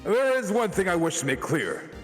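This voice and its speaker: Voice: medium pitch, very animated, normal speed, big-room sound, soft background music, lightly acted. A player putting on a smug, defiant defendant. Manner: theatrical, grand declarations.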